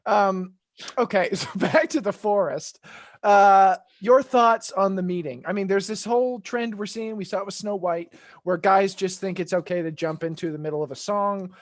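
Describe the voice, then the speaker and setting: Male podcast host, lively and giggly, retells scenes in voices; dry recording. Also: high voice, normal speed, no echo. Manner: animated, laughing, acts out scenes in voices. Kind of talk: casual chat.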